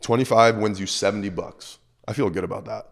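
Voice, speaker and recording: A hoarse man co-hosting a sports betting show, chatting casually and upbeat about his picks. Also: on the low side, fairly quick. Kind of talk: casual chat.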